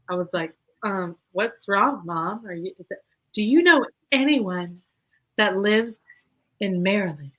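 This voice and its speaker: A woman's voice: medium pitch, slow, pushed and bright, rough recording. A woman, co-hosting a podcast and telling a story in casual chat, acting out the voices of the people in it. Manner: acts out quoted voices, laughs often. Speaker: podcast co-host.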